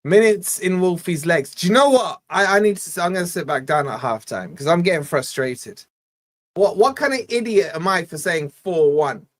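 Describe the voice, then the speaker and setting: A young man from Scotland hosting a live fan watch-along, giving exasperated, chatty play-by-play and reading out viewer shout-outs. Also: sits high, expressive, normal speed. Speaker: fan channel host.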